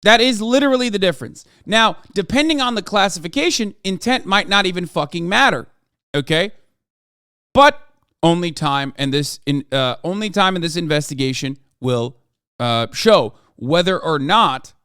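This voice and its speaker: A man's voice: a little high, animated, normal speed, pushed and bright, clear, resonant tone, no echo, studio quality. Blunt, sweary male streamer. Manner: blunt, profane, argumentative. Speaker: streamer reacting to news. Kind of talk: casual reaction commentary.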